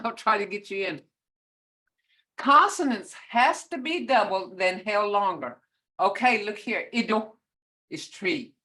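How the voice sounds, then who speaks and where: A woman's voice: medium pitch, sharp tone, poor audio. An older woman teaching a beginner language class over a video call, patiently repeating words to model their tones.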